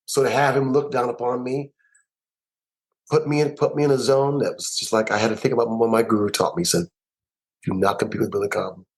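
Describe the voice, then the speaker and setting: A man, a musician and producer, telling stories in an interview with an emphatic, animated way of talking and lots of repeated words. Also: mid-range voice, fairly quick, rough recording. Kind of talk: storytelling interview.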